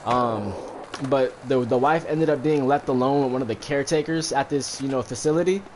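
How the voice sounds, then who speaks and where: A man's voice: medium pitch, a little fast, a little mellow, slight background noise. A man casually retelling a movie plot in slangy, profane speech, full of fillers and asides. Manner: rambling, heavy fillers, profane. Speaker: streamer recapping a movie while gaming.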